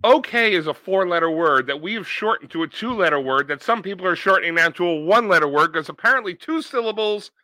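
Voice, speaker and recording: Bright, teasing young man, dry sound. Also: high-pitched, lively intonation, no room sound. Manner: teasing, playful, quick comebacks. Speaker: podcast co-host. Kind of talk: casual banter.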